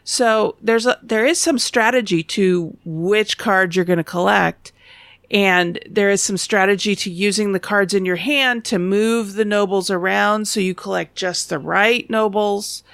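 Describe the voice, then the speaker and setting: Gravelly-voiced woman podcast co-host. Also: mid-range voice, a little slow, a bit bright, no room sound. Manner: explanatory, self-deprecating. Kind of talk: casual chat explaining board games.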